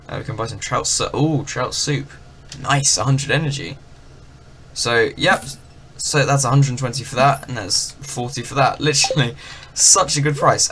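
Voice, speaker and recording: A man giving casual, rambling commentary on a farming game, full of fillers. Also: medium pitch. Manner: chatty, rambling, with many fillers. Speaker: gaming channel host. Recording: game ocean noise behind.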